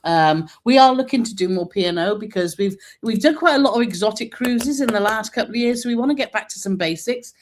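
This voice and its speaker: A woman's voice: a little high, animated, a little fast, hardly any pauses, slight background noise. A woman co-hosting a live travel stream, chatting and reading out viewer comments with frequent laughs. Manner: chatty, bubbly, laughs often.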